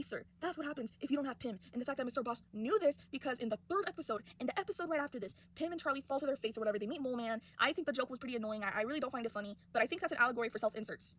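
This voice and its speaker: A young woman talks fast and heatedly in a casual rant vlog. Her voice is high and bright. She gets worked up as she goes. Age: young adult. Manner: animated, indignant ranting. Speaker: college student.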